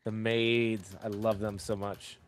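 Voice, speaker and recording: A man's voice: on the low side, level tone, slow pace, slight background noise. A man joking around in casual chat during a gaming stream.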